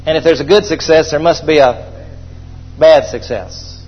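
Husky high-voiced preaching pastor. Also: male voice, normal speed, highs cut off. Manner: emphatic call-and-response preaching. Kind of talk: sermon. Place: church.

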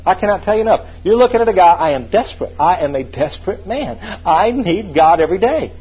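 A man's voice: high-pitched, sing-song, quick pace, breathy edge, highs cut off. A man preaching a sermon, emphatic and repetitive, calling on the congregation to repeat phrases back to him.

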